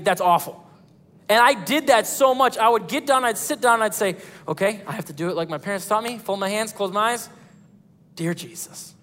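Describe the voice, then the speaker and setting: A man's voice: high-pitched, fairly bright tone, long reverb tail. A young man preaching as a pastor, telling stories in a casual, conversational way with playful asides. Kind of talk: sermon. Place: church hall.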